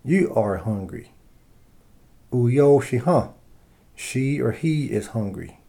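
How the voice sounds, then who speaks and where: A man teaching a language lesson, reading short dialogue phrases and their translations in a slow, deliberate way with pauses. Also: medium pitch, expressive, vocal fry, mellow. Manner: slow, deliberate, pausing after each phrase.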